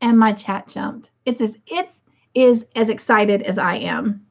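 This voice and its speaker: A woman's voice: medium pitch, unhurried, creaky, a little mellow. A woman hosting a casual livestream, chatting with many fillers and greeting viewers by reading their comments aloud. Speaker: livestream host. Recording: muffled lo-fi livestream audio.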